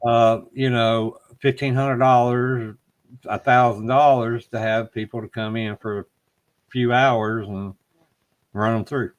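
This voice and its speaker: A middle-aged man with a drawl spins a ghost story in loose podcast chat. He curses freely and jumps into lively voices for the people in his story. His pitch sits at an ordinary middle height. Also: unhurried. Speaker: podcast host. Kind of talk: casual chat. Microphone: live stream call.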